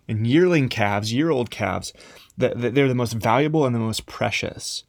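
Male preacher, middle pitch, plain-spoken conversational sermon, dry close recording. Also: a little fast, dry recording.

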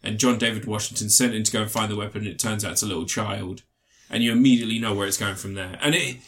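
A man's voice: lowish voice, steady tone, quick pace, a bit bright, a little hiss or hum. Casual rambling male podcaster. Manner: rambling, swears freely, acts out film characters in mocking voices. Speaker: podcast co-host. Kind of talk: casual film review chat.

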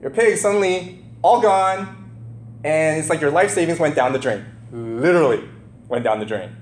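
A man giving a conversational sermon, animated, questioning his listeners and acting out the people in the story. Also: fairly high pitch, moderate pace. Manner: animated, asks the listeners questions, acts out quotes. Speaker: preacher. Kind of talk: conversational sermon, Bible teaching. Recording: roomy echo with faint hum.

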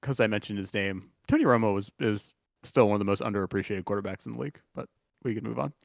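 A man's voice: fairly low pitch, quick pace, creaky, no echo, studio quality. Loose, joking man on a podcast. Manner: loose, rambling, jokey, laughs often. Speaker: podcast co-host. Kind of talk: casual sports chat.

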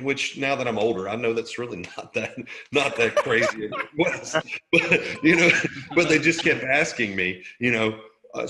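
A man's voice: medium pitch, fairly quick, sharp tone, echoey room. A middle-aged man from Alabama, an interview guest telling a story in a casual, jokey way and laughing often.

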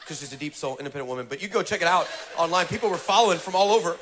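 High-voiced animated male preacher. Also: very fast, slight background noise. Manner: animated, humorous, builds to fervent preaching. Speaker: pastor. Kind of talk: comic storytelling sermon.

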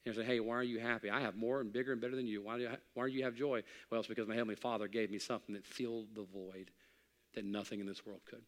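Pastor guy preaching, folksy and joking, gets loud, long echo off the church walls. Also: lowish voice, fairly even intonation, rapid-fire. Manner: folksy, humorous, builds to loud emphatic peaks. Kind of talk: sermon. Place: church sanctuary. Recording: long hall reverb.

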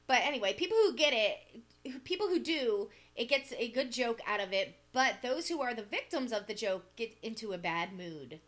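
A woman's voice: a little high, lively intonation, normal speed, fairly bright tone. A woman co-hosting a casual podcast chat, reading an article aloud and breaking off with dry asides.

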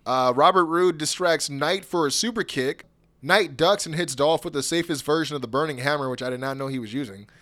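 A man recapping wrestling in casual podcast chat, animated, laughing often and mimicking wrestlers' promos. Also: a little high, fairly quick. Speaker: podcast co-host.

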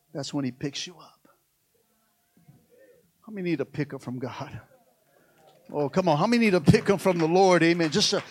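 High-voiced preacher guy, calls out to the church, gets loud then goes real soft, dry close sound. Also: no echo. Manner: preaching, swinging from shouted exhortation to soft hushed tones. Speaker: pastor. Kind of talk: sermon.

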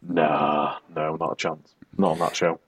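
A man's voice: very deep voice, flat delivery, a little slow, husky, no room sound. A man as a podcast co-host, dry and teasing. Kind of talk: casual chat. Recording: distant from mic.

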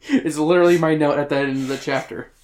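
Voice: mid-range voice, steady tone, fast, darkish tone. A podcast host reading chapter summaries aloud in a casual book club chat, with crude and irreverent joking.

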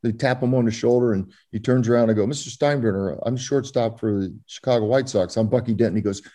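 Older guy from florida telling old ballgame stories, kinda dark warm tone, lots of ums and restarts. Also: medium pitch, fast. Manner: rambling, full of fillers and restarts. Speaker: guest, former ballplayer. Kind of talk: storytelling interview.

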